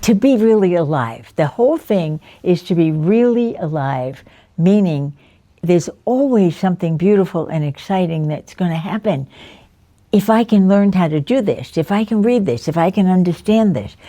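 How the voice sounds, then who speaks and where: A woman in her nineties telling the story of her life in an interview, lively and anecdotal, often chuckling as she recalls people. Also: lowish voice, moderate pace. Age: 90s. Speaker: interviewee, veteran educator.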